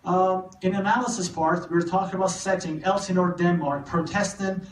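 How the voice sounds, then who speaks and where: A man giving a live literature lecture, talking haltingly with many repeated words and restarts. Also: high voice, steady tone, slight background noise. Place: cinema hall. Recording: echoey room, mic far off.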